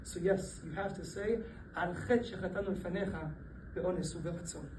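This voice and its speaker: A man with a fairly high voice gives a lively Torah class, laughing often and slipping into the voices of people in his stories. He sounds set back from the microphone in a roomy, echoing space with a faint hum of background noise. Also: normal speed. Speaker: rabbi teaching a class. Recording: echoey room, voice from a distance, faint background noise.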